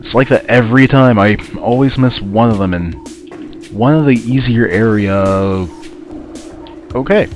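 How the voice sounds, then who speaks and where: A man's voice: medium pitch, measured pace, pauses often, dull audio, faint music behind. A man with a stuffy, sinus-congested voice, casually commenting while playing a video game, rambling and grumbling at the game. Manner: rambling, muttering asides to the game. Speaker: let's play commentator.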